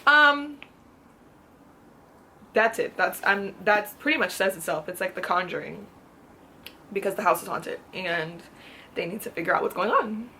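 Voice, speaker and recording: A woman's voice: medium pitch, a little slow, long pauses, sharp tone. A chatty woman book vlogger gushing over her favorites in a casual haul video. She repeats herself for emphasis and keeps the talk loose and personal. A faint hiss of noise sits under her voice.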